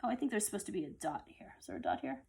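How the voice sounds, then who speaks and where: A woman's voice: deep voice, huge pitch swings, racing, gravelly, darkish tone. Woman counting rhythms in a music lesson. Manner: explains step by step, counts and chants rhythms aloud. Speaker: music teacher.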